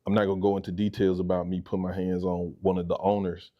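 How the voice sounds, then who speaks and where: A man in his thirties with a Southern US accent, telling his life story in a relaxed interview and animatedly acting out the people in it. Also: low-pitched, fast talker, highs cut off. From Mississippi. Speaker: guest, real estate agent.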